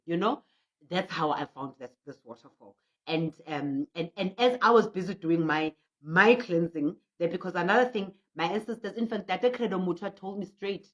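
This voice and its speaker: A middle-aged woman with a South African accent, a traditional healer hosting a livestreamed prayer session, telling stories in an animated way and reading out viewer comments. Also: medium pitch, a little slow. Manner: frequent laughter and restarts. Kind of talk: livestream talk. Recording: muffled lo-fi audio.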